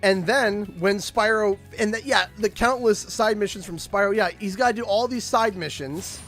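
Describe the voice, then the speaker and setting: A Canadian man casually chatting on a game livestream, rambling through an animated story with lots of restarts. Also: sits high, normal speed, faint music behind. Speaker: streamer.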